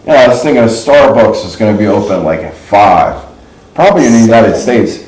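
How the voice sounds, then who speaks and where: Chatty middle-aged man, low voice, roomy echo. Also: lively intonation, fairly quick, a little mellow. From New York / New Jersey. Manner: chatty, folksy, laughs at his own stories. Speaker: livestream host. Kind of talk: casual rambling storytelling.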